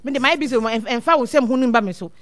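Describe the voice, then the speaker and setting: A woman with a high, bright-pitched voice talks earnestly as a guest speaker, often circling back over her words. The sound is dry and close, with no room around it. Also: quick pace, dry recording. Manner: earnest, repeats words as she thinks. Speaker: guest speaker on child welfare. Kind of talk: casual advice talk mixing two languages.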